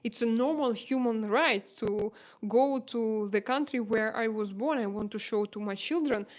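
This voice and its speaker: Russian-accented woman chatting on her livestream, emotional, lots of uhs, kinda high voice. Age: 30s. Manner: emotional, pleading, halting with fillers. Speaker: livestream host. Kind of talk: casual livestream chat.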